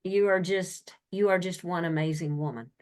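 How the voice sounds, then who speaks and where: A woman's voice: fairly low pitch, steady tone, moderate pace, a little mellow. A woman podcast host who gushes praise at her guest. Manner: effusive, gushing praise. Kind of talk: interview talk.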